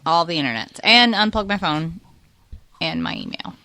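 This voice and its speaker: A woman's voice: on the low side, very animated, moderate pace, bright, forceful tone, no echo. A woman, the host's wife, chatting casually on a podcast, explaining at length with lots of fillers. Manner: rambling, explanatory, filler-heavy. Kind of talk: casual chat.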